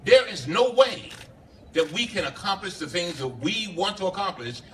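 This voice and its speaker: A man, a congressman, giving an impassioned speech at a bar reception, halting and repeating himself, recorded from a distance. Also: high voice, expressive. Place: bar reception room, indoors. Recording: distant camera with faint background noise.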